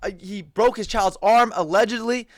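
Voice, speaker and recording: A man's voice: high-pitched, moderate pace, no room sound, clean studio sound. A man giving heated, profanity-laced reaction commentary on sports news, repeating himself for emphasis. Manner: profane, ranting, repetitive emphasis.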